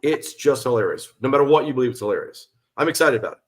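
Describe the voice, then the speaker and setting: A man speaks as a podcast guest in a playful, animated way, telling stories with quick energy. His voice sits in a middle register. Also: mid-range voice. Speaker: guest actor and musician. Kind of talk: casual podcast interview.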